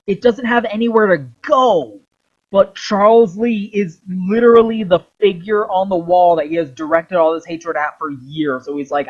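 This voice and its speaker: Guy rambling about a game story, swears constantly, voice a bit high, dull lo-fi mic. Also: moderate pace. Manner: animated, heavy swearing. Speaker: video creator. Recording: dull lo-fi recording.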